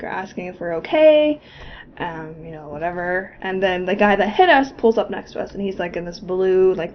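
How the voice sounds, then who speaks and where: Young woman vlogger, casual storyteller, profane and chatty, slightly dull recording with faint background hum. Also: fairly low pitch. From Florida. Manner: chatty, profane, laughing asides.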